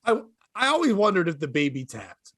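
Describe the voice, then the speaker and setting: Man, high voice, dry close sound, excitable comic podcast guest. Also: a little fast, no echo. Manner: excitable, laughs often. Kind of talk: casual comedic banter.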